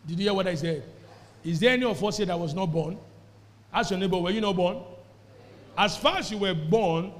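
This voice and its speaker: A man preaching a sermon to a congregation, emphatic and calling for responses. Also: sits high. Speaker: pastor. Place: church service before a congregation. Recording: echoey church hall.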